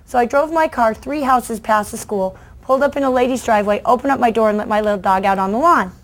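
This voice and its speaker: A middle-aged woman, a children's book author, telling lively stories in a talk and acting out the voices of kids and adults. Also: fairly high pitch, quick pace. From United States. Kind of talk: lively storytelling speech to an audience.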